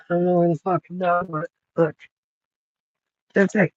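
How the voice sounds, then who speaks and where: A man in his thirties vlogs outdoors on a cold, rainy night, rambling and swearing freely while thinking aloud. His voice sits high with a level tone and moderate pace, with no echo, in a muffled recording.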